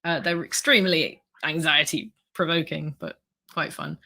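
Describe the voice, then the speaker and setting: A woman's voice: sits low, moderate pace, bright, forceful tone. A woman in her thirties hosting a casual livestream, hesitant, with many ums and restarts as she reads out the chat. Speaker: livestream host.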